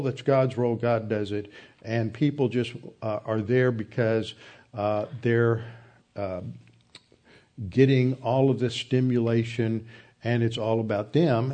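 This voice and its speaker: A man teaching a Bible lesson in a mellow, warm voice. He explains steadily and pauses now and then to find his words. His pitch sits in the ordinary middle range for a man. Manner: measured, explanatory teaching with occasional hesitations. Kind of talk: Bible study lecture.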